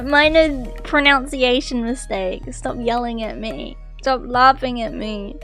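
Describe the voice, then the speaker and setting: A woman streamer reading an article aloud, breaking off to chat and react with loud, excitable outbursts. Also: high-pitched, unhurried, few pauses, faint music behind. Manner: excitable, bursts into loud apologies and exclamations.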